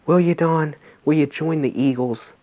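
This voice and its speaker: A man voicing a curious, eager young pregnant wife in a high, questioning voice. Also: moderate pace, darkish tone, natural voice. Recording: dull lo-fi sound.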